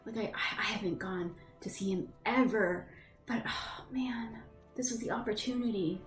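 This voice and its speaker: A woman's voice: mid-range voice, normal speed, echoey room, soft background music, pitched above the performer's own voice, close to an everyday voice. A woman voicing a young traveling woman, half-whispered and gushing. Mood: wistful. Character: young human woman traveler, wistful and excited.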